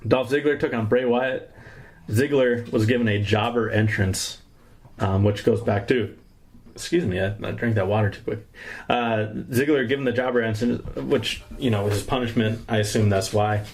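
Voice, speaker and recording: A man's voice: fairly low pitch, moderate pace. Casual young male podcast co-host. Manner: rambling recap with fillers and laughs. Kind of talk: casual chat recapping wrestling.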